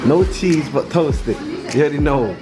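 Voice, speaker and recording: A young man vlogging casually on a city street, bantering excitedly with friends in heavy slang. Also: fairly high pitch, moderate pace, over loud music. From London.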